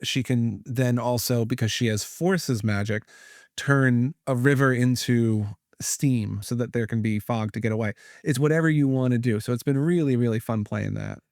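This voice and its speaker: A man hosts a relaxed podcast and talks about tabletop games. He rambles, restarts sentences and drops fillers as he goes. His voice sits at a middling pitch and comes through a dry close mic. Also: moderate pace, no room sound. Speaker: podcast host, priest. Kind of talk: casual chat about tabletop gaming.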